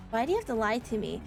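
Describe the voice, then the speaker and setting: With a slightly high voice and vocal fry, a woman chats casually during a live card-game stream. She teases her viewers playfully and sarcastically, laughing frequently.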